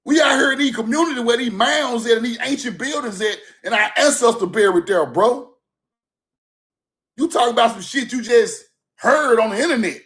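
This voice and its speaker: Fired-up man, high voice, livestream rant from home, loud and profane, "bro" every line. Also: normal speed. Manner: loud, fired-up, repeats "bro", swears, laughs between points. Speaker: livestream host.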